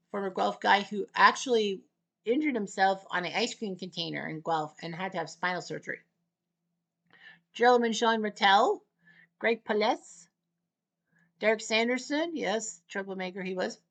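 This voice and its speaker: A woman giving casual, rambling gameplay commentary, packed with asides and the odd shouted taunt. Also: mid-range voice. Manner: chatty, rambling asides full of trivia.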